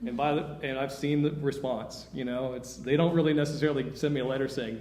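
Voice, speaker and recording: A man's voice: medium pitch, fairly even intonation, a little fast, darkish tone. Man giving a workshop talk. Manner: informal, self-interrupting, encouraging. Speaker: workshop speaker. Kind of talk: conference talk. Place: lecture room. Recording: echoey room with faint noise.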